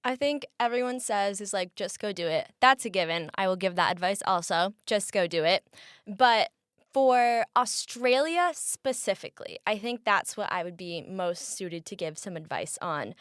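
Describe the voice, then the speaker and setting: Podcast guest, young American woman, chatty and upbeat, crisp close sound. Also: medium pitch, animated, moderate pace, fairly bright tone, dry recording. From United States. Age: 20s. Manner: bubbly, laughs often, many ums. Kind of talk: casual interview chat.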